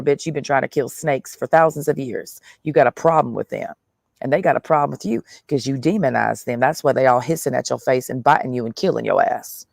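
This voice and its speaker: A man's voice: medium pitch, vocal fry, no room sound, studio quality. A man in a blunt, profane monologue, speaking in the first person as God, full of slang and swearing. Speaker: vlogger.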